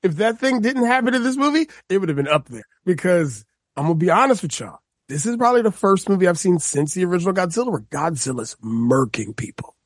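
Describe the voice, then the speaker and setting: Husky-voiced enthusiastic man, dry. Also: high-pitched, quick pace, dry recording. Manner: enthusiastic and animated, says "like" a lot. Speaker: podcast co-host. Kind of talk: casual chat.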